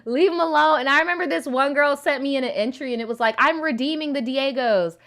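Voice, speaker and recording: This woman speaks quickly in a high, fairly bright voice. She's a livestream host who reads out viewer stories and comments, talking straight to the chat in a blunt, profane way and laughing often.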